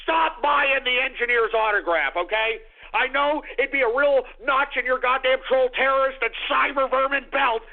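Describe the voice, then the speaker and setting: A man's voice: very high voice, vocal fry, narrow, tinny audio. A man hosting a call-in radio show, his voice sped up and chipmunk-like, ranting and swearing at callers. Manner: exasperated, swearing, shouting rants.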